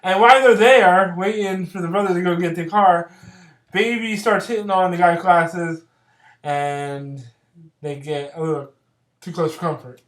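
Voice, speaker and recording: A casual vlogger retells a film's plot in a loose, rambling way, full of fillers and quick giggles. The voice sits at a middle pitch. The recording has a noticeable roomy echo from a home room. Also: steady tone. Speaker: vlogger reviewing films. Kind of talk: casual movie plot recap.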